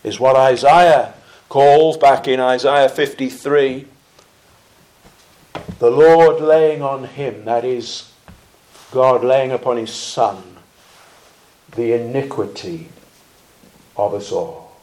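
A middle-aged man preaching a sermon, slow and deliberate, with fillers and phrases that trail off quietly. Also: medium pitch.

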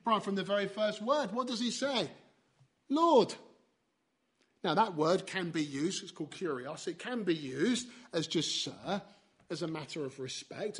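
Preacher guy, high voice, earnest, keeps asking the congregation questions, goes loud then quiet. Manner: earnest, asks the hearers questions, swings between loud and soft. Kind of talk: sermon.

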